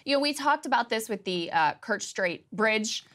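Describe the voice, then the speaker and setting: A woman co-hosting a political talk show, discussing the news in an agreeable, chatty way, with her voice jumping high for emphasis. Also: animated, normal speed, a bit bright. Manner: agreeing, laughing lightly, rises high for emphasis.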